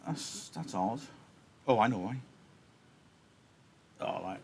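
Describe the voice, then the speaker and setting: A man's voice: lowish voice, lively intonation, slow pace, creaky, a little mellow, slight background noise. Chatty male teacher with a sore throat. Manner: chatty, apologetic, explaining. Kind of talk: livestreamed reading lesson with analysis. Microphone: laptop.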